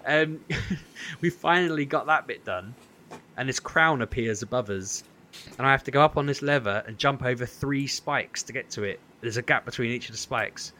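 Animated man telling a story. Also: mid-range voice, normal speed, a little hiss or hum. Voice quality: animated, acts out quoted voices. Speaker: podcast co-host. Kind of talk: casual storytelling.

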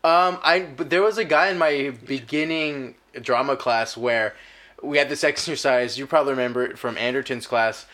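A man's voice: medium pitch, moderate pace, a bit bright. A man hosting a podcast in casual chat, musing through tangents and chuckling along. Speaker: podcast host.

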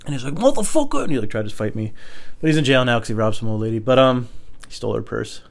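Young man, lowish voice, rambling laid-back storyteller, self-mocking, loud when acting out quotes. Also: fairly even intonation, fast, vocal fry. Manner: acts out quoted voices loudly. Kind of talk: casual storytelling.

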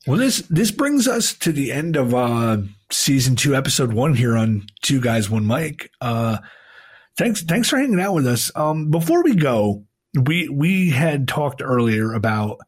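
A husky-voiced man in his thirties co-hosting a casual podcast. He talks in a loose, profane way, circling back and restarting his sentences as he tells stories to his friend. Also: medium pitch, very animated, unhurried. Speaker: podcast co-host. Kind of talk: casual crude podcast banter.

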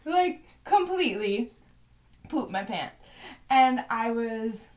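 Young woman, podcast co-host, casual storyteller, slightly high voice, filler-heavy delivery. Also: animated, takes it slowly, a little mellow. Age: 20s. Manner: chatty, heavy use of "like" and "you know".

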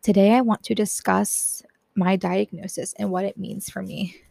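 Teen girl host, earnest and soft-spoken, tired and teary, slightly gravelly, dry close sound. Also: medium pitch, fairly even intonation, normal speed, no room sound. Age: teens. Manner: earnest, self-deprecating, laughs often, soft-spoken. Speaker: podcast host. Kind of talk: personal reflective talk.

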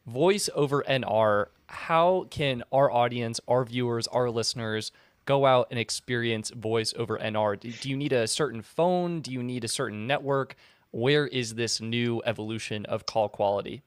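A man's voice: medium pitch, moderate pace, clean tone, no room sound. A man hosting a podcast, asking questions in an upbeat, casual way. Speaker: podcast host.

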